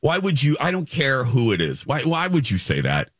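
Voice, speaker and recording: A man's voice: mid-range voice, wildly swooping pitch, moderate pace, fairly bright tone, husky, no room sound, studio quality. A man in his forties, a radio co-host, telling a personal story in casual chat and acting out the quotes. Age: 40s.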